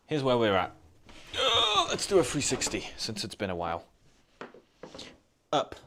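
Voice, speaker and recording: A man's voice: medium pitch, huge pitch swings, measured pace, vocal fry, sharp tone, slight background noise. A man hosting a live stream, chatting casually while he builds, rambling and restarting his sentences and laughing often.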